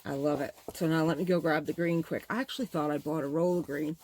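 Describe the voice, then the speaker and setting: Casual vlog host, middle-aged woman, low pitch, effusive and rambling. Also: fairly even intonation, fast, a little mellow, a little hiss or hum. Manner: gushing, rambling, exclamatory. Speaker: bag-making channel host. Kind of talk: casual show-and-tell vlog.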